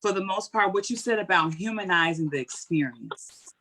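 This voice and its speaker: A woman's voice: fairly low pitch, normal speed. A woman answering an interview question in a candid, colloquial, heartfelt way, telling stories as she goes. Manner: earnest, candid, colloquial, animated storytelling. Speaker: guest speaker.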